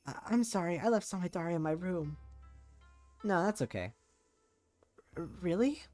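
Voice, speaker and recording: A man's voice: high-pitched, animated, normal speed, a little mellow, soft background music, pitched above the performer's own voice. A man doing a timid, tearful young girl. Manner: trembling, pleading, timid. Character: shy gentle young girl, easily hurt.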